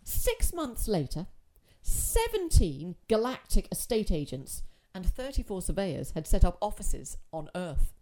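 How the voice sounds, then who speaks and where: A woman's voice: medium pitch, sing-song, unhurried, warm tone. Wry woman narrating a story.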